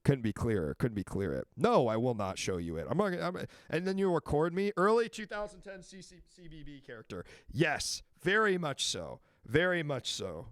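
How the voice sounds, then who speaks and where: A man's voice: a little high, normal speed, few pauses, dry recording. Guy hosting a call-in stream, swears a lot, voice jumps all over, dry sound. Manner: loud, swearing, animated rants. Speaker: call-in show host. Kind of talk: casual call-in banter.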